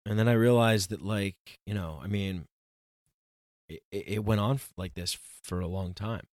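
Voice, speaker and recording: A young man speaks alone on his podcast in a lowish voice. The recording is dry and close, with no room sound. His talk is raw and rambling, full of restarts and swearing. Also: moderate pace, a little mellow, no echo. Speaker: podcast host. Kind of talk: solo podcast monologue.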